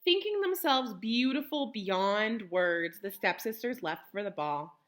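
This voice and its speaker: Young woman teacher, picture-book read-aloud, explains words for kids, very expressive pitch. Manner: pauses to explain words simply.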